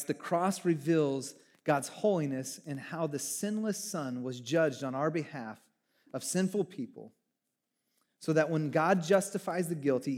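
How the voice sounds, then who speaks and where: A man preaching a sermon as pastor, animated, swinging from hushed lines to near shouting. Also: on the high side.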